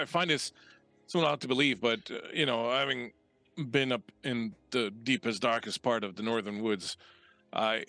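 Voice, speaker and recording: A man voicing a skeptical, well-travelled man of the northern woods, speaking slowly and doubtfully. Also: medium pitch, pushed and bright, no echo.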